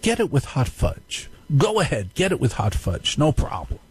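A man's voice: medium pitch, wildly swooping pitch, moderate pace, husky, pitched above the performer's own voice, full character voice. A man voicing the devil as a coaxing tempter, urging indulgence. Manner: coaxing, wheedling.

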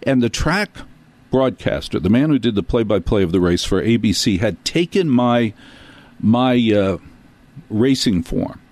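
A talk show host from New Jersey with a fairly low voice, telling a long story in a loose, rambling way. He breaks off for self-deprecating asides and comic tangents. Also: animated, a little slow, darkish tone, dry recording. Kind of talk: storytelling monologue.

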